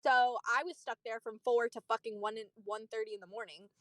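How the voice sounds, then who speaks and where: A young woman streamer chatting casually, telling a story in an animated, profane way. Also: on the high side, a little fast, no room sound, clean studio sound. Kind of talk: casual chat.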